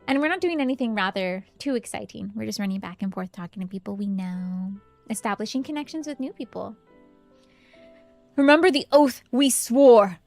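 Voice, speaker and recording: A woman streamer chatting casually during a game in a relaxed, chatty way. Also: mid-range voice, fast, creaky, soft background music. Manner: relaxed, chatty, hums along. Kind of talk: casual gameplay chat.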